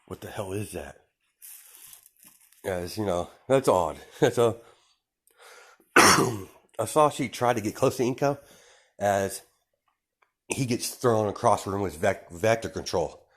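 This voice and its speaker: A man makes up a fan story as he goes, rambling and padding it with fillers. His voice is very low and deep. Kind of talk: casual improvised storytelling.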